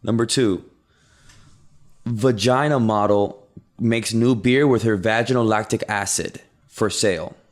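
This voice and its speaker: A man's voice: fairly low pitch, a little slow. A man co-hosting a casual talk show, speaking emphatically and reading out news headlines. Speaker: podcast co-host. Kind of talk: casual chat.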